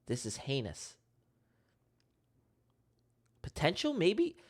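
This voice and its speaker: Speaking slowly, this man has a slightly high voice whose pitch swoops wildly. He streams his day trading live and riffs with the chat in slangy, emphatic, repetitive banter full of jokes.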